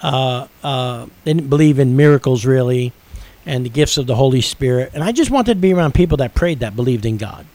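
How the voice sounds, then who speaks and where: A man's voice: mid-range voice, lively intonation, a little fast, a little mellow, rough recording. A middle-aged man hosting a radio show, earnestly telling a personal faith story with building intensity.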